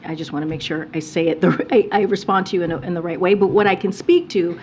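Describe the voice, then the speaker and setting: A woman's voice: on the low side, fairly even intonation, fast, darkish tone, a little hiss or hum. A woman press secretary fielding reporters' questions at a briefing, speaking carefully with many restarts and fillers into a podium microphone.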